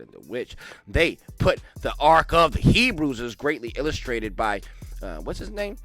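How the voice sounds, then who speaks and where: A young man reading a history book aloud, breaking in with loud, slangy asides and dropping to quiet mumbled reading. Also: medium pitch, measured pace, faint music behind. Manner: animated slangy asides between read passages. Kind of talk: casual read-along with commentary.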